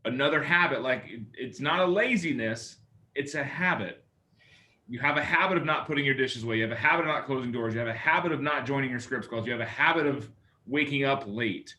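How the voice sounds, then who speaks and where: A man teaching a coaching class on phone calls, lively and jokey, often acting out both sides of a call. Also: mid-range voice, a little fast. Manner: lively, acts out phone calls in other voices. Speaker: sales coach.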